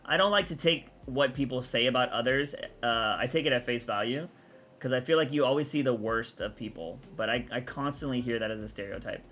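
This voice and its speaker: A young man from Texas, chatting casually on a livestream, rambling and answering chat out loud. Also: medium pitch, brisk, soft background music.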